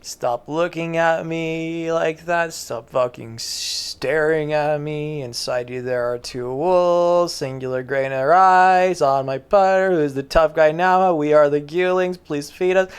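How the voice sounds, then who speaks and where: A vlogger reacting to memes in casual commentary, tired and talking with low-energy, flat mumbling delivery. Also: takes it slowly, hardly any pauses, clean tone.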